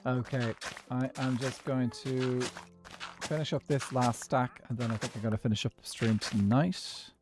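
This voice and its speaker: A man's voice: mid-range voice, fairly even intonation, moderate pace. A man chatting casually and rambling through his opinions while streaming a game. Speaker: gaming streamer. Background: background music.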